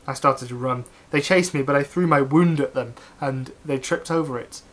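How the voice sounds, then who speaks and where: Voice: medium pitch, normal speed. Dry, straight-faced comedic reader. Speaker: reader of fan fiction. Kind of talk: mock-serious comedic reading aloud.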